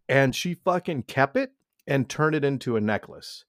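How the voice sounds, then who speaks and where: A man's voice: medium pitch, animated, normal speed, a bit bright, dry recording, studio quality. A young man telling a crude story in casual banter, rambling and restarting often. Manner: rambling, profane, many restarts.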